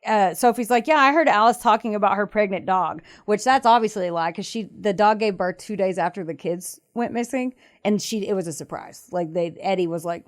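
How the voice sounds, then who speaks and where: A woman's voice: mid-range voice, brisk, hardly any pauses. Chatty woman retelling a true-crime case. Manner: animated retelling, acts out quotes, frequent laughter. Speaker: podcast co-host. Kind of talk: casual true-crime storytelling.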